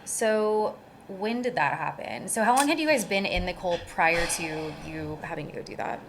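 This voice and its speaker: A woman's voice: fairly low pitch, animated, normal speed, a little hiss or hum. A woman hosting a casual podcast, asking chatty, curious questions and tossing in playful asides. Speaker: podcast host.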